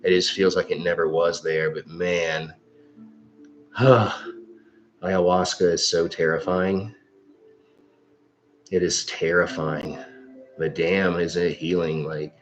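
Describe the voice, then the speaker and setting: A man's voice: low-pitched, fairly even intonation, slow, long pauses, lo-fi sound, soft background music. A man telling a long rambling story on a livestream, swearing often and full of fillers. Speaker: psychic livestream host. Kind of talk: casual storytelling monologue. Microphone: livestream microphone.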